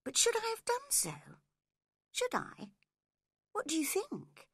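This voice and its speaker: A woman's voice: very high-pitched, huge pitch swings, slow pace, a bit bright, dry recording, clean studio sound, pitched above the performer's own voice, exaggerated voice. A woman doing a willful, secretive young lady. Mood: cross. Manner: whispering and pleading, then cross.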